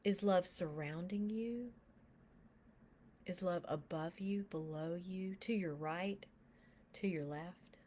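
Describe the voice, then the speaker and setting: Woman, guided prayer, soft whispery delivery, somewhat low voice, faint background hiss. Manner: soft, slow and often whispered while guiding prayer; gets emotional and animated while telling the story. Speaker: minister.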